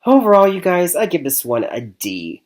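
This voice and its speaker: A man's voice: sits high, sing-song, moderate pace. Chatty man from Michigan reviewing movies. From Michigan, USA. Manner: chatty, repeats "I mean" and "like I said", laughs often. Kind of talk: casual spoken movie review.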